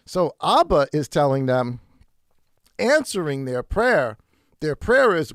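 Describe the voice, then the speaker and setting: A man preaching a sermon in church, emphatic and animated, drawing out words for weight and dropping in quick asides. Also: on the high side, no room sound, studio quality. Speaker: pastor.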